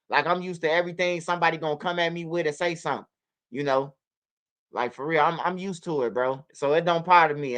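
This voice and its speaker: She has a low, clear, resonant voice. The host of her own channel, this Chicago woman tells stories in animated, foul-mouthed, repetitive livestream talk.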